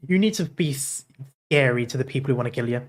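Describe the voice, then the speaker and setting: A streamer casually commenting on a game and reading its story aloud, easily amused and often breaking into laughter. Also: male voice, medium pitch, lively intonation, fast.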